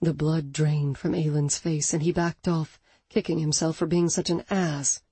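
Husky woman narrating an audiobook. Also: sits low, measured pace, no room sound. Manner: expressive, dramatic reading. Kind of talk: scripted narration.

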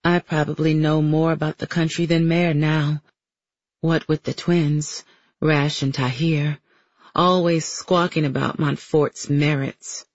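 A man giving a steady, measured first-person audiobook narration. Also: fairly high pitch, no room sound, muffled recording.

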